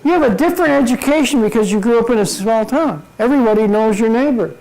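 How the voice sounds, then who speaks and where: An older man giving a humorous motivational talk at a club meeting, telling jokes deadpan. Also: extremely high pitch, fast talker, rough recording. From Minnesota. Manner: deadpan joke-telling to a laughing audience. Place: meeting room before a live audience. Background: audience laughter.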